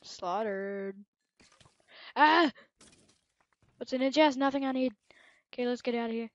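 A woman giving casual commentary while playing a video game, excitable and quick to shout at things on screen. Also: a little high, dry recording, lo-fi sound. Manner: excitable, bursts into yelling at the game. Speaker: gameplay commentator.

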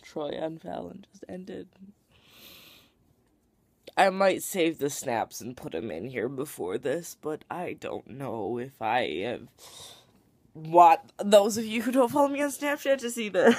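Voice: mid-range voice, a little mellow, no echo. A young adult vlogger talking casually to camera at home, gushing and emotional, tired and rambling with many fillers and restarts. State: tired and worked up. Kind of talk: casual late-night vlog to camera.

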